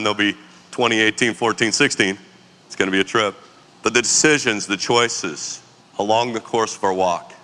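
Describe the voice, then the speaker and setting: Bright-voiced man telling a story in a hall. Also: lowish voice. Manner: animated, slangy, laughs often. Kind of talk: casual storytelling.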